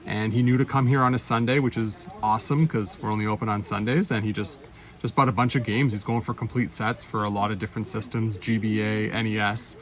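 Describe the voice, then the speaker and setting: A man chatting casually in his retro game store vlog, upbeat and quick to laugh. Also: lowish voice, steady tone.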